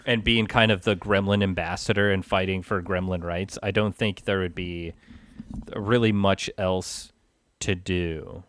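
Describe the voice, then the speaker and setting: A man with a very deep, smooth voice, chatting casually on a podcast. His asides come out wry and deadpan. The sound is close and dry. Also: measured pace, dry recording. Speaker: podcast co-host. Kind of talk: casual chat about movies.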